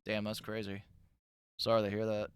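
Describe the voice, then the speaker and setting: A man's voice: on the low side, monotone, moderate pace, a little hiss or hum. A man in his thirties hosting a live stream, chatting loosely and reacting with profane asides. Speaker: streamer host.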